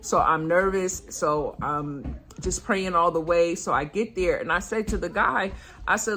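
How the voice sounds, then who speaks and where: A woman's voice: fairly low pitch, unhurried, a bit bright, a little hiss or hum. Earnest older woman telling a story. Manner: chatty, earnest, retelling with quoted dialogue. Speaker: vlogger. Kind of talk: casual storytelling vlog.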